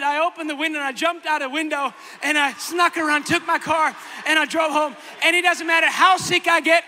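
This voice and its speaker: A male preacher works a funny, self-focused anecdote into his sermon, telling it in an animated, dramatic way. He has a very high, strikingly bright and sharp voice that rings out with a big hall's long reverb. There is slight background noise.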